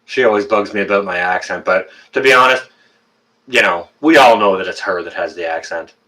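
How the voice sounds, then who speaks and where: A Canadian man in his fifties hosts a relaxed live stream and talks straight to his viewers. His voice sits fairly low and has a bright, forceful edge. He jokes and teases, and he stops often on fillers and restarts. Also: a little fast. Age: 50s. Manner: joking, teasing, many fillers and restarts. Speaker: livestream host.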